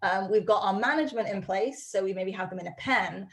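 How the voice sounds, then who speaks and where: Woman, dog trainer, live video-call class, upbeat, chatty, lots of ums, mid pitch. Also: a little fast. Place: home study.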